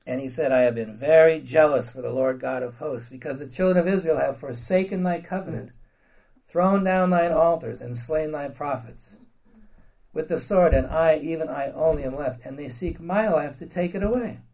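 A man's voice: on the high side, normal speed, vocal fry, darkish tone, low-quality recording. Man preaching, reading scripture and joking. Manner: reads King James verses, then paraphrases them in blunt slang with laughs; addresses the congregation with questions.

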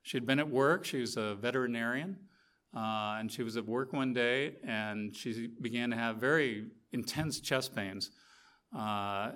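A middle-aged man with a medium-pitched voice preaches a sermon, telling a story with lively, animated energy and acting out the quotes.

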